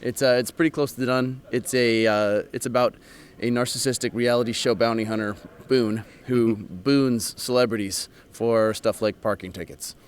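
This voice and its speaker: A man chatting as a guest in an interview, easygoing and quick to laugh. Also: medium pitch, steady tone, clean tone. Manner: easygoing, laughs often, loose filler-heavy phrasing. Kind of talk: casual interview chat.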